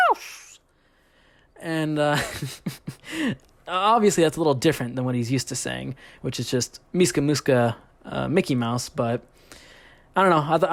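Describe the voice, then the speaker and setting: A young man narrating a comedic story in a profane, rambling, deadpan way. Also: fairly high pitch. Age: young adult. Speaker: YouTube storyteller.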